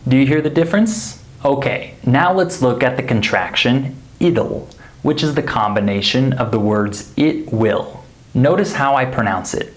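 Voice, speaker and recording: A man teaching English pronunciation, slowly and carefully modeling example sentences. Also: medium pitch, expressive. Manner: slow, deliberate, models example sentences clearly. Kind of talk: scripted pronunciation lesson.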